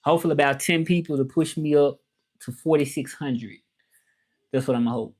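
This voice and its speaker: A man's voice: on the high side, fairly quick, a little mellow, husky. A man hosting a casual livestream, greeting viewers in a laid-back way and dropping in French phrases. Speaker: livestream host.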